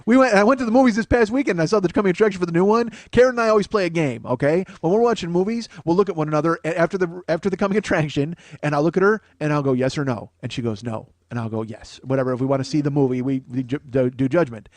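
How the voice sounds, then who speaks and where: A man's voice: on the high side, rapid-fire, hardly any pauses, dry recording. A man in his forties hosting a comedy podcast, ranting in a rambling, profane and sarcastic way. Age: 40s. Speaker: podcast host.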